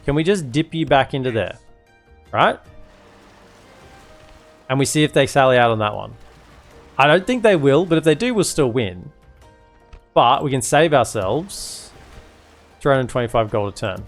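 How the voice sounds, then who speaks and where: A man's voice: mid-range voice, expressive, normal speed, pauses often, soft background music. A man casually commentating his live strategy game stream, rambling and chatty with lots of fillers.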